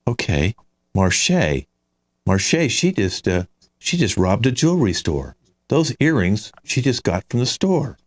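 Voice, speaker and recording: Man introducing improv passengers, lively pitch. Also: measured pace. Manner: announces each passenger and their quirk. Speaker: improv host playing ride driver. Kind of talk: live improv comedy scene.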